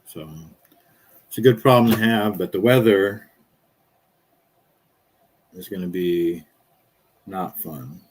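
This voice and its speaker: A man with a somewhat low voice hosts a relaxed conversation. He rambles through his stories in an easygoing, chatty manner. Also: slow, pauses often, a little hiss or hum. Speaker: podcast host. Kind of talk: casual chat.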